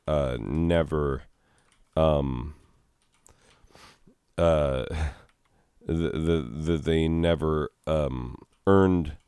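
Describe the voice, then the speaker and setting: Man, very low voice, slow, emotional, grieving, reflective monologue. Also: a little mellow, smooth. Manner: reflective, philosophical musing. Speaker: teacher. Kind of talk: casual spoken monologue.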